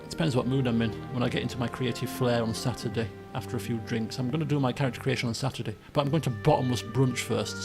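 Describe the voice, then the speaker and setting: A man's voice: medium pitch, vocal fry. A young adult man streaming a game, chatting and musing aloud in a jokey, casual way.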